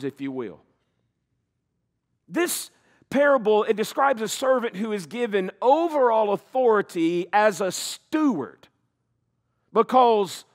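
Animated man preaching a sermon. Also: high voice. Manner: animated preaching, slows for emphasis, occasional laughs. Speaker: pastor.

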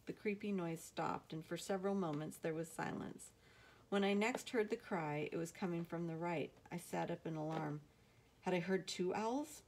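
A woman reads a novel aloud in a steady, measured way. Her voice sits somewhat low for a woman. She tells the story plainly and evenly. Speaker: audiobook narrator.

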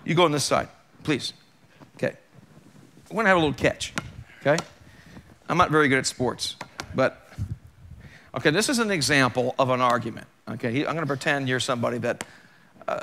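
A man's voice: mid-range voice, steady tone, fast talker, gravelly, pauses often, sharp tone, slight background noise. A male pastor giving a sermon in a church, talking conversationally and with emphasis, using plenty of rhetorical questions.

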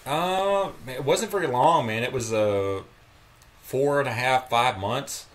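A man's voice: medium pitch, takes it slowly. This is a man chatting casually as a guest on a talk show. His voice sits right in the middle of the range. He rambles and restarts his sentences often. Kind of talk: casual chat.

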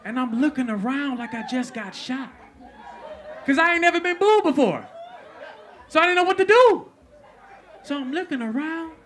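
A man doing stand-up, telling an animated, profane story on stage and laughing through it. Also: very high-pitched, moderate pace, long pauses. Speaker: stand-up comedian. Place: stage before a live audience. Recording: live show with crowd.

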